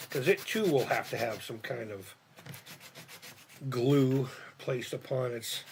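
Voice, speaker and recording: In a medium-pitched voice, a man chats casually on a live stream as he puts together a model kit, musing aloud, swearing a lot and laughing at his own expense, with slight background noise behind him.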